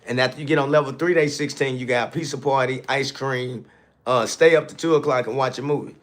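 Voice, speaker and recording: A man's voice: mid-range voice, steady tone, a little fast. Man preaching his story on a live stream. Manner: preachy storytelling, repeatedly calling out to the audience; repetitive, building emphasis. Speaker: landscaping business owner.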